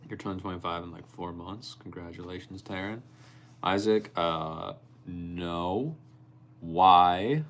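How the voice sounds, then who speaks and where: A young man hosting a live stream, chatting casually and answering viewers' comments by name, sometimes telling animated stories. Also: low-pitched, slow. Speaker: livestreamer reading chat.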